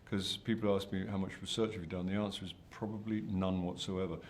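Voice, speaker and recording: A man's voice: low-pitched, flat delivery, a little fast, slight background noise. An older man, an actor answering interview questions in a hesitant, self-deprecating way with many restarts. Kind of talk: press junket interview.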